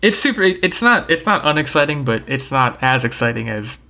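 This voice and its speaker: A man's voice: mid-range voice, big pitch swings, a little fast, vocal fry, pushed and bright. A man hosting a podcast, chatting casually in an easygoing, jokey way with lots of hesitation sounds. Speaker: podcast host.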